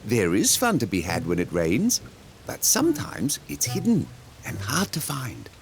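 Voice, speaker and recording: A man voicing a gentle, patient grown-up hare in an animated children's series, talking in a kindly, reassuring and encouraging way. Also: mid-range voice, unhurried, creaky, heavily acted. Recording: cartoon dialogue over music.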